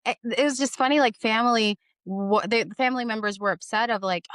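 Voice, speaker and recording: A woman's voice: fairly high pitch, brisk, a bit bright, no echo, clean studio sound. A young adult woman, a podcast guest, telling her story in casual, earnest speech and repeating phrases for emphasis.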